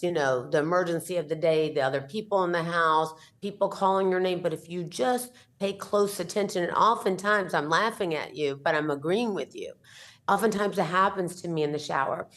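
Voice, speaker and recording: A woman guest on an interview podcast, an author and entrepreneur, speaking in an earnest, reflective, motivational way. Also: mid-range voice. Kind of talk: heartfelt interview conversation.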